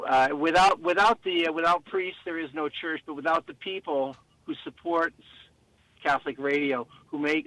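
Halting priest speaking on radio. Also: male voice, on the high side, a bit bright, dry recording, rough recording. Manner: halting, hesitant, many fillers. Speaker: priest, guest. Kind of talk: radio interview.

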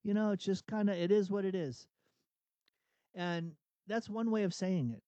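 Guy on catholic radio, kinda high mellow voice, dry studio, thinking out loud. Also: unhurried, dry recording, highs cut off. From outside Boston. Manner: thinking aloud, frequent restarts and rhetorical questions. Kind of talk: reflective spiritual talk.

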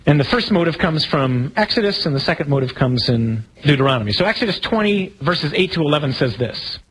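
A man, a priest, teaching a live audience in a relaxed, humorous way, asking questions and telling stories. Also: fairly high pitch, brisk, a little hiss or hum, rough recording. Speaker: Catholic priest.

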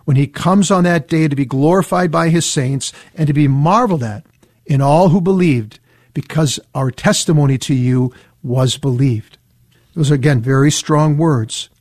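A man's voice: on the high side, darkish tone, no echo, clean studio sound. Earnest man teaching scripture. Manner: reads verses slowly, then explains with earnest emphasis. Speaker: Bible teacher. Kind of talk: scripture reading and commentary.

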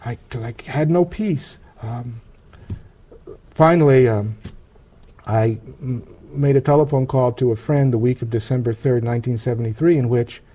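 A man, an interview guest, telling a personal testimony in an earnest, halting way, often restarting his sentences. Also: medium pitch, mellow.

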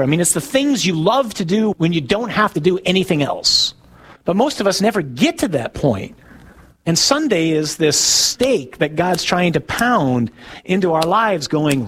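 Conversational priest preaching. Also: male voice, on the high side, fairly bright tone. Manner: conversational, asks the congregation questions, tells jokes; laughs at his own stories. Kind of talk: sermon.

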